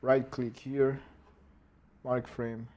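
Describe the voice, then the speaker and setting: A man's voice: medium pitch, flat delivery, drawn-out words, highs cut off, heavy background noise. A man, thinking aloud as he animates and mimicking a dog's barks. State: hoarse throat. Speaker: animator streaming his work. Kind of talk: casual narrated work session.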